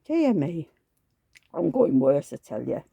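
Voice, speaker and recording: A woman's voice: low-pitched, takes it slowly, vocal fry, slightly rough, no echo. An older woman, rambling through a casual story about an argument and losing her train of thought. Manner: rambling, forgetful, animated retelling of arguments. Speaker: doll collector vlogger.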